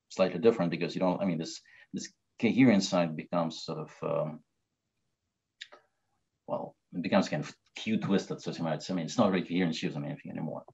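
Halting low-voiced man giving a lecture. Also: breathy edge. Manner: halting, many fillers and restarts. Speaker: mathematics lecturer. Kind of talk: academic lecture. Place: lecture hall. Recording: dull lo-fi lecture recording.

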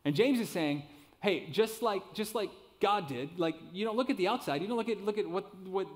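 A man in his thirties preaching a sermon in a casual, animated way, with quick asides and self-deprecating jokes. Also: high voice. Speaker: pastor. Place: church sanctuary.

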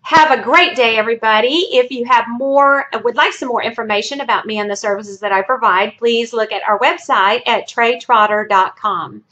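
A woman therapist gives an educational talk straight to her viewers. Her voice sits a little high and sounds bright and forceful. She explains by telling a story. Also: moderate pace, few pauses, lo-fi sound. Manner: storytelling, friendly sign-offs. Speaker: family therapist.

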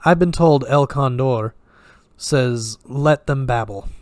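A man's voice: mid-range voice, takes it slowly, a little mellow, no room sound, close to an everyday voice. Frightened captive, terse and guarded, voiced by a man. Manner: short, guarded answers. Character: frightened male prisoner under interrogation.

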